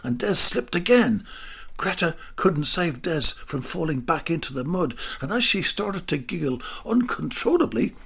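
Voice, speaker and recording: Slow gravelly man telling a story. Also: a little high, lively intonation, fairly bright tone. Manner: slow, drawn-out delivery with whispered asides. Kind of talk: scripted story narration.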